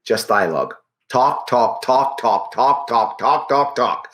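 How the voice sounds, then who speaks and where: Emphatic, bright-voiced activist man. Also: mid-range voice, expressive, slow pace. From United States. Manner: emphatic, repetitive, punchy. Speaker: guest, political activist. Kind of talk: persuasive interview talk.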